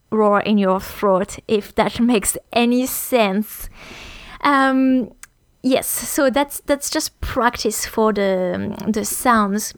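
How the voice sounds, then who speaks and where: A woman's voice: on the high side, dry recording. A woman teaching French pronunciation on a podcast, hesitant with many fillers and restarts.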